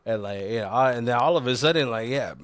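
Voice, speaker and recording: A man's voice: medium pitch, quick pace, a bit bright, no room sound. A man co-hosting a podcast, retelling a film's plot in loose casual chat, with lots of fillers and frequent laughter. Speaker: podcast co-host. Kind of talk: casual movie commentary chat.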